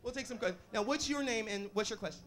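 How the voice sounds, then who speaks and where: A man's voice: high-pitched, quick pace. A man performing as a drag queen, from Georgia, bantering with a club audience on a handheld mic in sassy, campy live stage chatter with a bubbly laugh. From Atlanta, Georgia. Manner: sassy, campy, calls people honey and baby. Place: nightclub stage. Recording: live club recording, noisy crowd.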